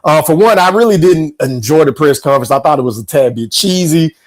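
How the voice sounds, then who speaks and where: A man's voice: on the high side, expressive, brisk, low-quality recording. A man hosting a podcast, giving emphatic, slangy fight-prediction commentary. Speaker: podcast host.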